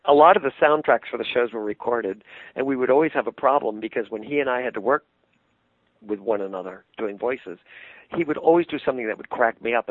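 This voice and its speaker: An older man, a puppeteer, telling animated anecdotes in an interview and laughing easily. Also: mid-range voice, no echo. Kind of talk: interview storytelling. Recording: tinny phone-line sound, dry.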